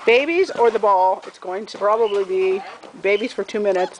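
A woman's voice: medium pitch, normal speed. A woman filming puppies in a dog run and narrating a home video, switching into sing-song baby talk when she speaks to them. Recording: home video with loud background noise. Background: puppies whining and barking.

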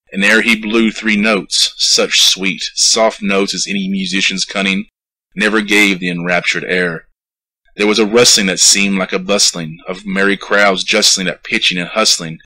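Man, poetry narrator, bright clear tone, low pitch, rhythmic. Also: low-quality recording. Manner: rhythmic, lively storytelling delivery. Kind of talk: poetry recitation.

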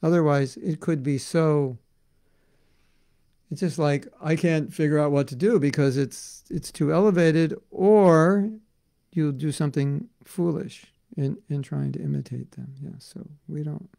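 A man teaching a devotional class in an earnest, conversational way, full of casual fillers, swinging between loud emphasis and soft asides. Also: on the high side, fairly even intonation, measured pace, vocal fry, dry recording. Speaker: spiritual teacher.

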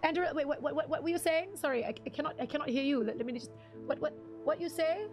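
A young woman chats casually with her live-stream audience, laughing often and thanking viewers by name. Her voice sits high and bright in pitch. Faint game music plays softly behind her. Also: quick pace. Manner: chatty, giggly, reads chat names aloud.

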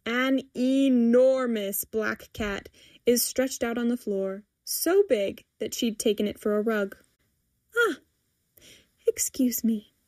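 A woman reading a scripted comic story aloud in a wry, measured way. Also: on the high side, darkish tone, dry recording, studio quality. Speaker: story reader. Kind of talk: scripted narration.

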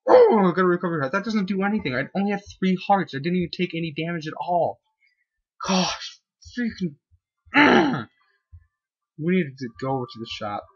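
A man talks through a video game he's playing, excitable and quick to whoop or yell at it. His husky voice swings widely in pitch. The recording sounds dull and lo-fi. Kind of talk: let's-play commentary.

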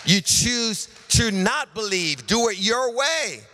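A middle-aged man preaching a sermon as pastor, piling up lists and swinging between loud calls and hushed asides. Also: high voice, animated, slow, some chatter behind, slight background noise. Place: large church hall. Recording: live church sermon with long hall reverb.

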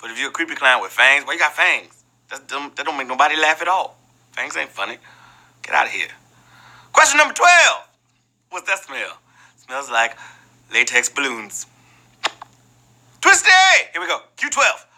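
A man's voice: medium pitch, lively intonation, brisk, sharp tone, rough recording. A man hosting a live trivia game show, playful and joking between questions and exclaiming often.

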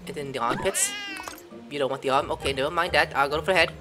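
A man's voice: on the high side, fast, over music. A man giving casual, playful gameplay commentary while chatting to the cats in the game. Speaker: gameplay video host.

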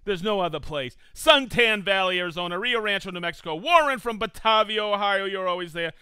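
A man's voice: high-pitched, lively intonation, fairly quick, bright, forceful tone, clear, resonant tone, no echo. A man hosting a live stream, cheerfully reading out viewers' hometowns and joking with his crew. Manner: upbeat, reads viewer locations aloud, jokey. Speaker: live show host. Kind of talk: casual live-stream chat.

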